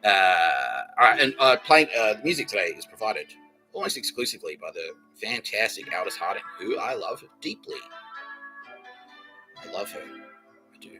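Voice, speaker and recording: A man's voice: fairly low pitch, sing-song, normal speed, sharp tone, rough recording. Profane, rambling man riffing. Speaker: podcast host. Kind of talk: rambling comedic monologue. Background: faint background music.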